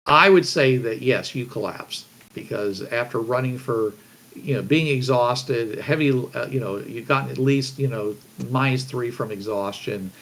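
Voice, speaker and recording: A male game master narrating a tabletop role-playing session. He rambles through the scene with frequent restarts and fillers, at an ordinary middle pitch. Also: normal speed, a bit bright.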